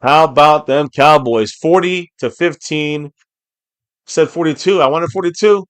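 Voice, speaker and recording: Excitable male fan streamer, dry sound. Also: a little high, a little slow, smooth, dry recording. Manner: excitable, erupts into shouting on big plays; reads viewer names and comments aloud. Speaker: fan streamer reacting to a live game. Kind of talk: live game reaction and chat reading.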